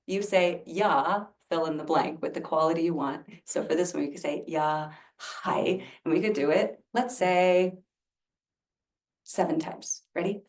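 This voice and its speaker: A woman leading a spiritual service, guiding a chant-based practice in a slow, gentle way. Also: on the low side. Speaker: service leader. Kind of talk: guided spiritual practice talk. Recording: roomy sound from a distance.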